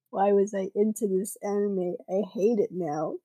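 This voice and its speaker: A woman's voice: medium pitch, steady tone, moderate pace, dark tone, dry recording. A young woman chatting casually as co-host, teasing and laughing often. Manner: giggly, teasing. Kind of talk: casual chat.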